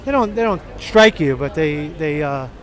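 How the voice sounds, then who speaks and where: A man's voice: a little high, animated, moderate pace. A man walking a street festival for his vlog, chatting casually and teasing people he meets. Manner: joking, teasing banter. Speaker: street vlogger.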